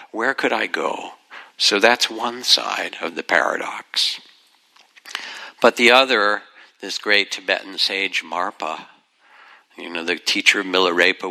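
An older man leads a dharma talk, telling old teaching stories gently and without hurry. His voice sits very low with a gravelly edge. Even so, the tone comes across bright and forward. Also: poor audio. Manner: gentle, unhurried, reflective, softens into asides. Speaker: meditation teacher.

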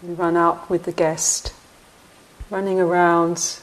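A woman meditation teacher giving a dharma talk in a slow, reflective way with frequent pauses. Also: lowish voice, flat delivery, rough recording.

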